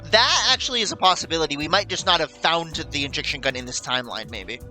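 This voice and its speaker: Bright-voiced, giggly male game host. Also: on the high side, expressive, fast talker, soft background music. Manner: giggly, stumbling restarts. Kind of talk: casual let's-play chat.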